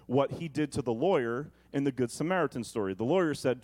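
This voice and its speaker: A man's voice: medium pitch, a little fast, hardly any pauses, darkish tone. A male pastor preaching a sermon in a conversational way, with comic asides.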